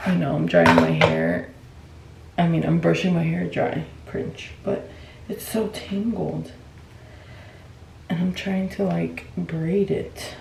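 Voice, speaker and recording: A woman's voice: fairly low pitch, animated, takes it slowly, vocal fry, pauses often, darkish tone, a little hiss or hum, low-quality recording. A woman in her thirties, a mother, chatting casually to camera in a vlog and sometimes a little out of breath. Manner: chatty, talks straight to camera. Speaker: vlogger.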